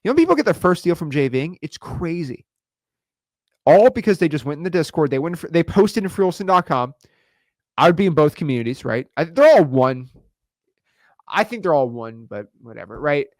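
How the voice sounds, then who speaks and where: A man's voice: a little high, very animated, darkish tone, no room sound. Hyped young man coaching, dry close mic. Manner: hyped, rapid repetitions and slangy asides. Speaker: real estate wholesaling coach. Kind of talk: energetic online course talk.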